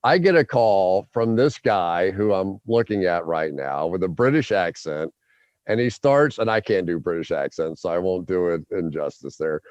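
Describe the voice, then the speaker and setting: Animated deep-voiced man telling a story. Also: moderate pace, dry recording, lo-fi sound. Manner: lively storyteller who acts out his own quotes. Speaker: podcast host.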